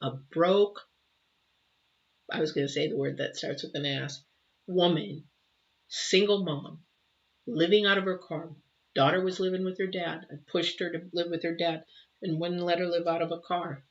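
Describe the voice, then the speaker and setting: A middle-aged woman giving a live intuitive tarot reading, emotional and exclamatory, moving between loud bursts and soft murmurs. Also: fairly low pitch, fairly even intonation, moderate pace, pauses often. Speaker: tarot reader. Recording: slightly dull, faint noise.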